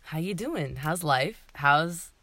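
A young woman co-hosts a podcast in loose, chatty talk, laughing easily and swearing without a second thought. Her voice sits a little low but sounds bright and forceful. The recording is dry and close, with no room sound. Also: animated, takes it slowly, no echo. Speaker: podcast co-host. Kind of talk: casual chat.

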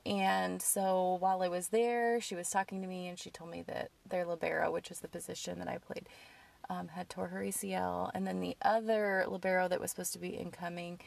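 Woman, casual chat, storytelling, gravelly, off-mic. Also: on the low side, fairly quick, distant mic. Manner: chatty storyteller, quotes others in lively bursts.

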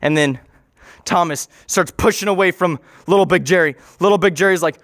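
A man's voice: sits high, a little fast, a bit bright, no echo, clean studio sound. Rambling man spinning a wild tale. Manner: rambling, self-correcting, joking asides. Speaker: storyteller. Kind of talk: casual improvised storytelling.

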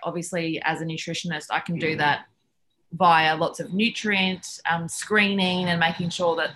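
A woman's voice: on the low side, moderate pace, a little hiss or hum. A woman, a nutritionist chatting as a podcast guest and telling stories with lots of fillers. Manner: chatty, lively storytelling with many fillers. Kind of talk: casual chat.

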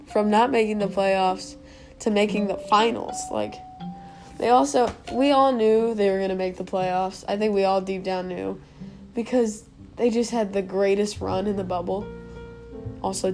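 A woman's voice: mid-range voice, fairly even intonation, measured pace, music in the background. A young woman hosting a casual solo podcast from home, rambling with self-mocking asides. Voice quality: creaky vocal fry. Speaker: podcast host.

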